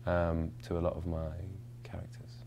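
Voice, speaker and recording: In this interview, a young Londoner who acts speaks at a normal speed in a low voice, wandering through his answers with self-deprecating humor, fillers and restarts. There's slight hiss or hum in the background.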